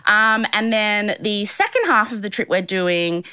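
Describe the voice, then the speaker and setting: A woman's voice: mid-range voice, measured pace, pushed and bright, clean tone. A woman hosting a podcast in casual chat from a safari tent, giggly and rambling. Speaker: podcast host.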